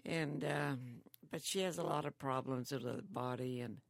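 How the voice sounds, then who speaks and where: An older woman who lives in a care home, chatting slowly and telling stories with frequent chuckles. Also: a bass voice, creaky, no echo, studio quality. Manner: slow, chuckling storyteller. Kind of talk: casual chat.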